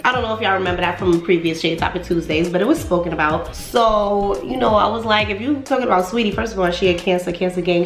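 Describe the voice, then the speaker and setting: Woman gossip host, casual and sassy, laughs easily, mid-pitched voice in a roomy space. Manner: sassy, incredulous, laughs often, curses freely.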